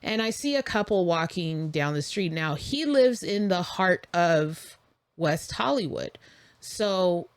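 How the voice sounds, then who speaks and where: Low-voiced woman telling a story. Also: slow, clear, resonant tone, dry recording. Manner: animated, acts out quoted dialogue. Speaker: podcast co-host. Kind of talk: storytelling in casual chat.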